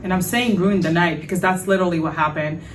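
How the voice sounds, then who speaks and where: Brief: woman podcast host, fairly low voice, frank and animated storytelling, faint hiss behind her. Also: fast talker, far from the mic, rough recording. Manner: animated, frank, swears, many fillers. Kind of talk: casual storytelling monologue.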